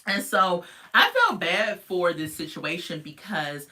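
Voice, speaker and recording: Reviewer, casual recap, bright forceful voice, opinionated and animated with viewers. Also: takes it slowly. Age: adult parent. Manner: chatty, opinionated, talks straight to viewers; animated, jumps in pitch when reacting. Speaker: reality TV reviewer.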